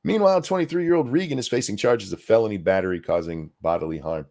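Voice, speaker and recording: A man co-hosting a podcast, reading news articles aloud in a deadpan way and breaking off for dry asides. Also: on the low side, fast, vocal fry. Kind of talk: casual news commentary.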